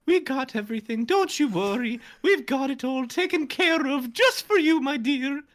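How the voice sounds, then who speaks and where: Man in shrill falsetto, doting fussy mother, gushing, fawning, tabletop game voice. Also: lively intonation, moderate pace, a bit bright.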